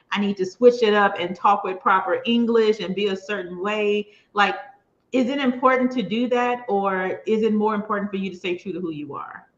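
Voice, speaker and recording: A woman from Louisiana hosts a live stream in a Southern accent, enthusiastic and folksy, full of quick affirmations. Her audio is dull and lo-fi. It echoes around the room. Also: mid-range voice, a bit bright.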